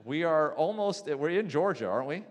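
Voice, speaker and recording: A middle-aged sleep specialist with a fairly high, expressive voice lectures a church audience in a lecture hall at normal speed, talking conversationally and putting questions to the room. He uses a handheld mic that gets swapped mid-talk, and the hall adds long reverb.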